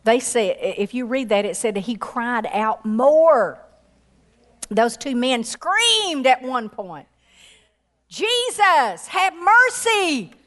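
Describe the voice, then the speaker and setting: A woman preaching a sermon with passion, acting out quoted voices and rising to high exclamations. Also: a little slow, darkish tone. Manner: acts out quoted voices in her storytelling.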